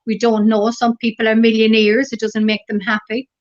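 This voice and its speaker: A middle-aged woman with an Irish accent, a guest in a casual interview, telling stories gently and rambling through lots of fillers. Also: fairly high pitch, level tone, normal speed. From Ireland. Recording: dull lo-fi recording.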